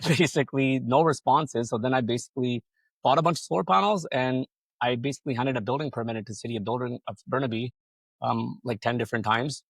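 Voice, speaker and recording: Creaky and a little breathy, this mid-range voice belongs to a fast-talking man sharing how he built his solar company. As a podcast guest he rambles casually, cursing often and voicing other people's words, with no echo in the audio.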